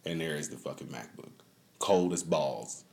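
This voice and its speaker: A man with a very deep, low voice hosts his own podcast, talking casually. He rambles through stories with plenty of cursing and easy laughter. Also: normal speed, creaky, darkish tone. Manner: loose, profane, laughing storyteller. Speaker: podcast host.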